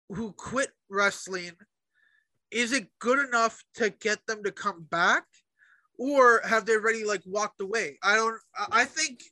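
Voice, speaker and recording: Male co-host, high bright voice, dry close sound, animated cursing rants. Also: dry recording, low-quality recording. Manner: animated ranting, heavy swearing. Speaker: podcast co-host. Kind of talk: casual chat.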